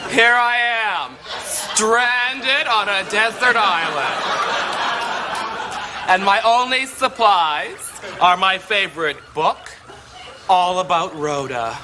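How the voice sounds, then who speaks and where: A man's voice: a little high, background noise, natural voice. A man playing Buddy Cole, campy catty socialite. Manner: campy, arch, mocking monologue. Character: flamboyant, catty gay male socialite. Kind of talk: sketch comedy monologue. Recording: live studio audience laughter.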